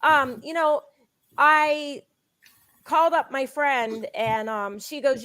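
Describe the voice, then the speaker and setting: A woman with a fairly high voice makes an eager, insistent sales pitch. She tells personal stories at a fast clip. The sound is dry and close. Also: fairly even intonation, bright, forceful tone, no echo. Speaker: guest, product promoter.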